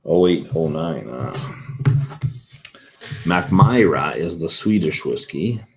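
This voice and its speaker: Deep-voiced man chatting on a livestream. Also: lively intonation, slow pace, vocal fry, soft background music. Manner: rambling, answering viewer comments aloud. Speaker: whisky show host. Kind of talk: casual livestream chat.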